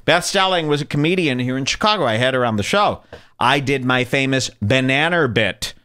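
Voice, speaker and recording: Into a studio mic, a podcast host with a smooth, mid-range voice reacts to video clips at a brisk pace. His casual commentary is sarcastic, and he's an animated storyteller.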